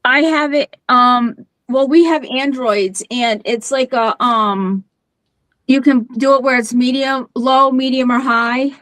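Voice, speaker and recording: High pitched lady cohost, dry close sound, jokey. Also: steady tone, slow, a bit bright, no room sound, rough recording. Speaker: co-host. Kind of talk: casual chat on a live stream.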